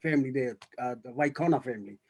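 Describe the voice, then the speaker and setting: Speaking on a video call as a writer-director on a cast panel, this man halts through a meandering story with many fillers and restarts. He has a medium-pitched voice with a breathy edge.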